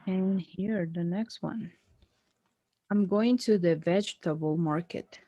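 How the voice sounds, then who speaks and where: Slow, patient woman teaching English. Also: lowish voice, no echo, dull audio. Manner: patient, slow, corrects gently. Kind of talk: one-on-one online English lesson.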